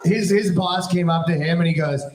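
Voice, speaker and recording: A man's voice: sits high, a little fast. A man doing stand-up crowd work, laughing and mocking as he acts out little scenes. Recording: echoey club clip with loud crowd noise.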